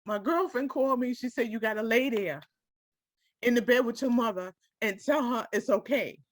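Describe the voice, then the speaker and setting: A woman's voice: on the high side, normal speed, no echo. Emotional woman sharing a personal story. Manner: emotional, direct, checks in with listeners. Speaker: group participant sharing her story. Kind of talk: personal testimony in a small group.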